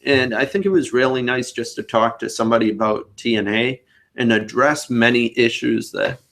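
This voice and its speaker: Man, podcast host on a video call, rambling casual talker with a gravelly voice. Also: mid-range voice, normal speed, fairly bright tone. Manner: rambling, talkative.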